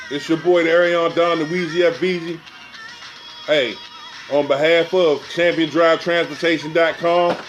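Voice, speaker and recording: Preachy, animated male sports show host. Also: on the high side. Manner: preachy, animated, colloquial with repeated phrases. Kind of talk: direct-to-audience talk show monologue.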